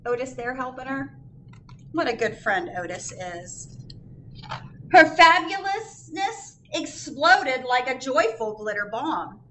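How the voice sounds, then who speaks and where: Woman librarian, children's storytime, sing-song, bright high voice, slow and lively. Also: slight background noise, rough recording. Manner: animated, sing-song, asks children questions.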